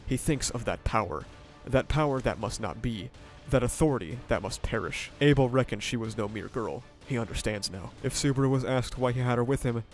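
A man narrating a scripted story summary and analysis in a steady retelling voice. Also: medium pitch. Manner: steady retelling with brief commentary.

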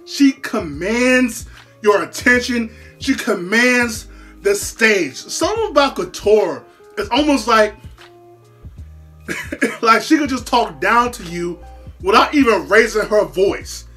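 A reaction host talks through a battle rap with a lively, swinging pitch. The voice is bright and forceful, full of slang and frequent laughter. Faint music plays in the background. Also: takes it slowly. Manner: animated, laughs a lot, repeats words, heavy slang. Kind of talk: casual reaction commentary.

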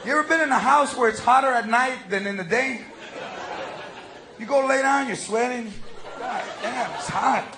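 A middle-aged comedian working a live crowd, with a very high pitch and animated, shouted punchlines. He drops Spanish slang into his English as he talks. A loud audience laughs around him over steady background noise. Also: moderate pace, pauses often. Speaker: stand-up comedian. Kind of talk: stand-up comedy routine.

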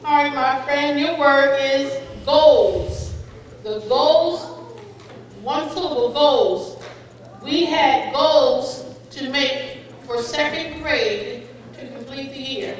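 A woman pronouncing spelling bee words slowly and clearly, with definitions and example sentences, encouraging each speller. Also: sits high, slight background noise. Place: school gym or hall. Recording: echoey hall, far from the mic, faint crowd.

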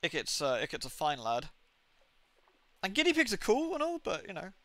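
A man's voice: sits high, wildly swooping pitch, normal speed, fairly bright tone, dry recording. A man streaming a game live, reading its text aloud and chatting with viewers as he decides. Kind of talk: live-stream gameplay with read-aloud narration.

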